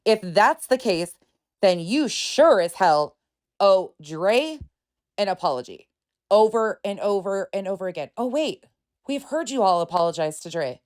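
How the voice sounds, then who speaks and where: A woman's voice: mid-range voice, expressive, measured pace, darkish tone. A woman hosting a reaction commentary, exasperated and sarcastic as she picks apart claims. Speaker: commentary channel host.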